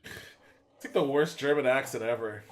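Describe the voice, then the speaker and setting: A man's voice: medium pitch, normal speed. A man streaming a video game, giving incredulous, sarcastic commentary. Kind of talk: let's play commentary.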